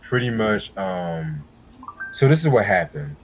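A man co-hosting an album review in casual chat, laid-back and unhurried, swearing casually and a little high. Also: very animated, music in the background. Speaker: podcast co-host reviewing an album.

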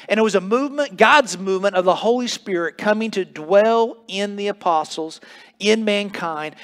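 A man with a fairly high voice preaches a sermon as pastor in a church sanctuary. He drives his points with stacked repeated phrases, now and then restarting a word as he goes. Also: moderate pace, a bit bright.

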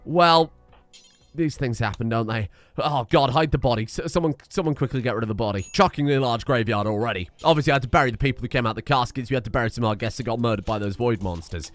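A young man giving joking, animated commentary on a strategy game he plays, swearing freely. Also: mid-range voice, quick pace, no room sound, soft background music. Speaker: gaming YouTuber. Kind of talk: comedic let's-play commentary.

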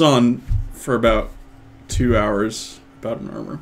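A man narrating as game master in a tabletop game, animated, laughing often between lines. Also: mid-range voice, unhurried.

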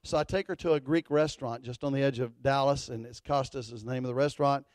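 A middle-aged man, a pastor telling a folksy story in a sermon, animated and building to fervent declarations. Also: mid-range voice, fast talker, dry recording.

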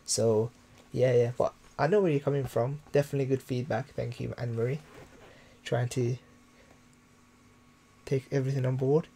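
A young man from the UK chatting casually and quietly with viewers during a game live stream, recorded on a desktop microphone at home. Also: medium pitch, fairly even intonation, moderate pace, creaky, long pauses. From United Kingdom. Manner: talks quietly to keep from waking neighbors at night. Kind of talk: casual live-stream chat while playing. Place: room at home, early morning. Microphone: desktop USB microphone.

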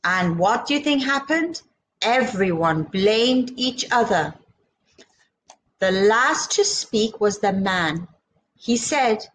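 A woman's voice: mid-range voice, expressive, takes it slowly, a bit bright, a little hiss or hum, low-quality recording. A woman reading a children's picture book aloud, acting out sound effects and chatting to young listeners. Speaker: children's storyteller.

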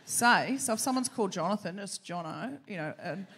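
Lively, bright-voiced Australian woman host. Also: mid-range voice, a little fast, breathy edge. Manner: animated, laughing, playful teasing. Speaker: podcast host. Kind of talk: live comedy podcast banter. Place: live theatre stage before an audience.

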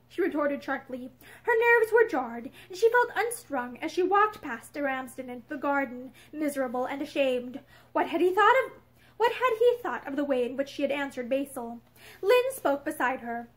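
A woman narrates a novel aloud with expressive storytelling. Her voice is high and animated, with wide swings of pitch. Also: normal speed. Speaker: reader. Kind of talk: audiobook narration. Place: indoor room with bookshelves.

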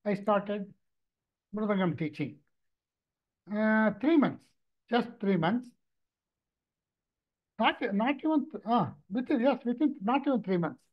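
A man, a mridangam teacher and therapist, telling stories in an animated lecture, often repeating and restarting words. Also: sits high, a little slow, long pauses. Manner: animated storytelling, frequent repetitions and restarts. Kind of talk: lecture with anecdotes. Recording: dull lo-fi recording.

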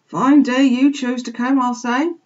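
A woman's voice: sits high, flat delivery, a little slow, a little mellow, voice pushed up. A woman voicing an old, kindly but gloomy female sheep who speaks in rustic country dialect, on a dull lo-fi recording. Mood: worried.

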